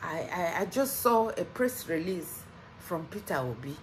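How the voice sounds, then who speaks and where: A woman's voice: fairly low pitch, sing-song, measured pace, a little hiss or hum, low-quality recording. A Nigerian woman delivering an impassioned political rant as a vlogger, heated and emphatic, repeating her points.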